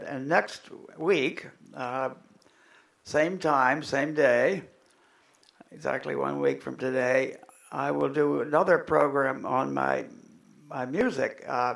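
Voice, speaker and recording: A man in his seventies, a folksinger giving a comic lecture in a rambling, chuckling, halting way. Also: mid-range voice, vocal fry, a bit bright. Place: hall with a live audience. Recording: echoey room with music.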